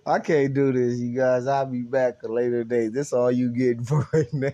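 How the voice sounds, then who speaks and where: A young man hosts a casual podcast, teasing, laughing often and swearing freely. His medium-pitched voice is level and warm, delivered at normal speed over dull audio.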